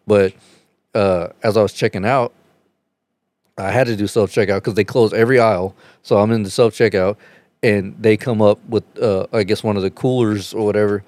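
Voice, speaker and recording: Low-voiced man telling a profane story. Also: dry recording. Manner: profane, rambling, animated when retelling. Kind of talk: casual chat, storytelling.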